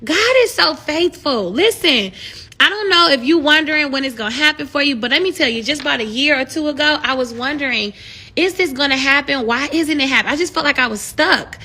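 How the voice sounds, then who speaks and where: Woman, high bright voice, casual live-stream talk, animated and preachy, rises to excited shouts. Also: brisk. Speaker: live streamer encouraging viewers.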